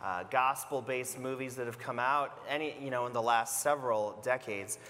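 A man preaching a sermon as pastor, retelling a story in a conversational, animated way. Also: mid-range voice, normal speed, big-room sound.

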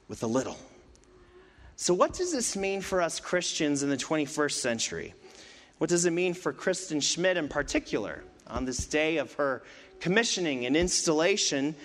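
A middle-aged male pastor preaching a sermon, dramatic, with rhetorical questions and pauses. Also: a little high, fairly bright tone. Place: church sanctuary. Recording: long reverb of a church hall.

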